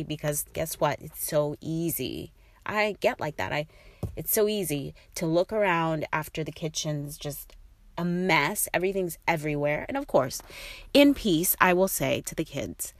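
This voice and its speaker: A woman's voice: on the low side, expressive, normal speed, no echo. A middle-aged woman talking casually to her listeners, rambling and encouraging with many fillers. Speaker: host.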